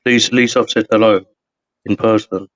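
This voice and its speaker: A man co-hosts a casual live podcast, joking around and firing off quick, teasing questions. His voice is lowish and steady, captured in a dry recording with slightly dull lo-fi audio.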